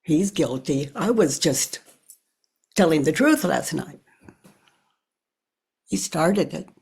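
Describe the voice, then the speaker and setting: Husky older woman, quiet and reflective. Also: deep voice, expressive. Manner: slow and reflective, often sinking to a hush; thinks aloud with pauses. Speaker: spiritual teacher. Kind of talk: guided self-inquiry talk.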